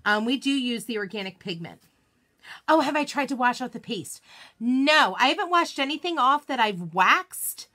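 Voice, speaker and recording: Chatty bright-voiced woman craft host. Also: a little high, expressive, normal speed. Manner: chatty and self-deprecating, greets viewers by name; laughs easily and jokes about her slip-ups. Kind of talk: casual live-stream craft tutorial.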